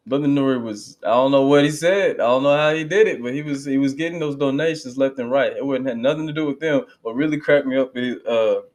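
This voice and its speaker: A man's voice: mid-range voice, fast, hardly any pauses, a little mellow. A man hosting a reaction video, talking casually and emphatically with fervent bursts. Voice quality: conversational, emphatic, lapses into quoting others. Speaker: channel host reacting to a speech.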